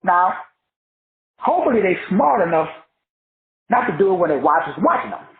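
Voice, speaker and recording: A high-voiced man teaches a motivational class, his pitch leaping all over as he preaches with profanity and rhyming riffs. The sound is thin and phone-like, in a room with a lot of echo. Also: very animated, moderate pace. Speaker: self-styled teacher called Doc.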